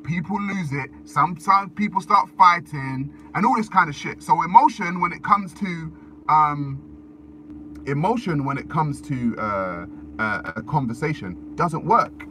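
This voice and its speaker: This man speaks at a fairly high pitch and an unhurried pace, ranting casually into his phone on a livestream. He swears a lot and repeats himself while hunting for words, and vehicles pass in the background noise.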